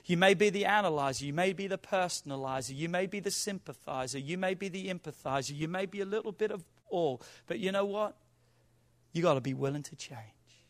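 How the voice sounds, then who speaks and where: A man preaching a sermon with animated delivery who acts out quoted arguments and sometimes rises to shouting. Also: a little high. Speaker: pastor.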